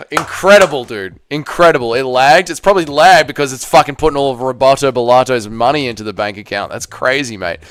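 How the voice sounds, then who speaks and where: A man's voice: medium pitch, a bit bright, clean tone, no room sound. A man hosting a casual live stream, reading chat aloud, laughing and swearing often.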